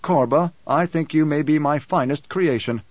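A male audiobook reader voicing a grave, weary male emperor who speaks calmly with dry irony. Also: on the high side, no room sound, dull audio, close to an everyday voice. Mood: grave, ironic. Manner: calm, measured, dry irony. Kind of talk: audiobook character voice.

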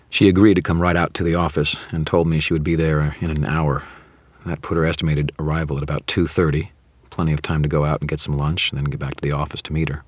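Male narrator, first-person audiobook, dry wry delivery, low husky tone. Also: no echo.

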